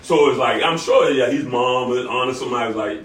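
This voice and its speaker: Mid-voiced co-host, relaxed opinions, roomy and far from the mic. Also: male voice, mid-range voice, fairly quick, a crowd in the background. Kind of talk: casual group chat. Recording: roomy, distant mic, crosstalk.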